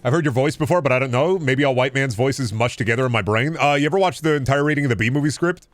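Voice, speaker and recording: A man with a deep voice streaming a game, chatting casually and swearing through quick asides, close to a studio microphone. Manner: chatty, profane, quick asides while playing. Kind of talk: casual gaming stream chat.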